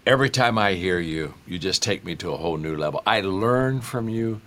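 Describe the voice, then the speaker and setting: A man's voice: sits low, animated, a little fast, fairly bright tone. Older male author, folksy and enthusiastic. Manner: folksy, enthusiastic storyteller who repeats himself. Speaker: guest author and leadership speaker. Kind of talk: interview conversation.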